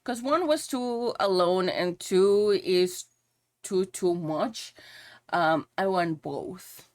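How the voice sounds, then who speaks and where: A woman's voice: on the low side, slow, a little mellow, no room sound. A woman streamer chatting casually while she draws on a live stream, swearing freely and singing along to songs now and then.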